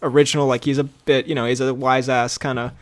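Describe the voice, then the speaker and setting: A man co-hosting a podcast in casual chat, animated and laughing often as he talks. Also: mid-range voice, quick pace. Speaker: podcast co-host.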